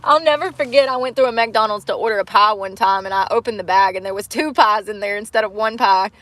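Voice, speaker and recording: A woman chatting casually on a livestream, blunt and salty, with frequent swearing and easy laughter. She talks straight to her viewers in an everyday mid-pitched voice. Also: quick pace, a bit bright, dry recording. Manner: blunt, swearing, laughs often, answers chat. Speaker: livestream host. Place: in a vehicle.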